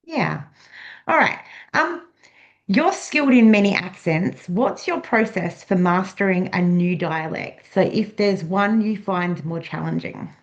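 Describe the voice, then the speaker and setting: A woman's voice: mid-range voice, lively intonation, a little slow, lo-fi sound. A woman interviewer hosting a casual talk, chatting in a friendly way and asking questions. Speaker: interviewer, host.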